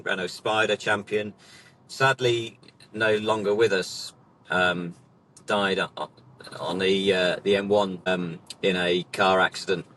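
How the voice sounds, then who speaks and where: A middle-aged racing instructor who hosts a vlog sits in traffic in his car, telling a rambling, self-deprecating anecdote. His voice is fairly low with a sharp tone, and the talk is casual.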